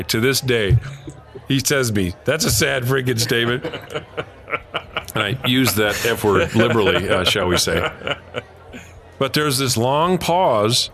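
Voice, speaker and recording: Middle-aged man in casual conversation, a former newspaper sportswriter spinning long rambling anecdotes. His pitch sits mid-range and he talks in a loose, storytelling way. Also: a bit bright. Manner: rambling anecdotes with laughs and quoted voices.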